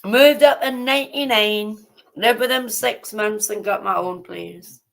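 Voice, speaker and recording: A woman's voice: medium pitch, measured pace, creaky. A woman with a Geordie accent chatting casually on a live stream, teasing, asking questions and greeting viewers. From Newcastle, England.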